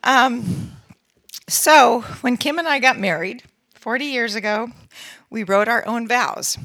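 A woman in her sixties, a women's ministry speaker, gives a sermon-style talk that blends scripture with funny personal stories, often laughing at herself. Her voice is a little high, expressive, and fairly bright, at normal speed with no echo.

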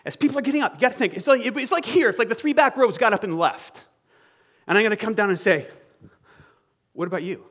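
A man preaching a sermon in an animated, conversational way, acting out quoted dialogue and checking in with the congregation. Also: sits high, fast talker.

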